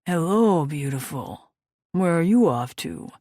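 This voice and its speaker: A woman's voice: deep voice, animated, a little slow, warm tone, no echo, studio quality. A woman voicing a charming biker with a slight Italian accent. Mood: flirtatious.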